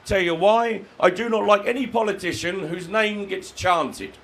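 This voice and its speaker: A man from the UK doing a live stand-up set, crude and sardonic, breaking into shouted rants. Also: high-pitched, normal speed, vocal fry, poor audio. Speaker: stand-up comedian. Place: comedy venue with live audience.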